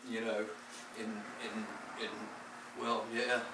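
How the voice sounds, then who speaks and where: A man's voice: fairly low pitch, level tone, slow. Guy sharing his faith story, rambly and earnest, echoey room, sounds far off, noisy. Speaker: lay preacher. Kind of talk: testimony-style faith talk. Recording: echoey distant recording with background noise.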